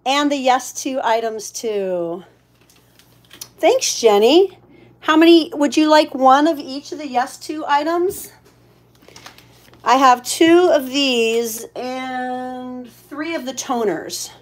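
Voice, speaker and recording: A woman's voice: sits high, slow. A woman hosting a casual live shopping stream. She is chatty, thanks each buyer and stops to coo at her pets.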